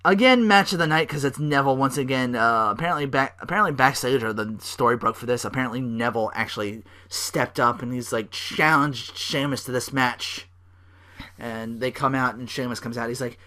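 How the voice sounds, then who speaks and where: A young man hosting a podcast, recapping wrestling in a rambling, casual way, swearing freely and acting out wrestlers' lines in loud bursts. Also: mid-range voice, fairly quick. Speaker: podcast host.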